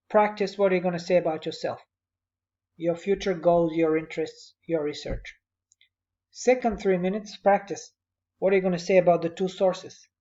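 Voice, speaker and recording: A man's voice: sits high, dark tone, highs cut off. A male instructor giving conversational, encouraging spoken feedback to a student on a presentation, speaking at his computer.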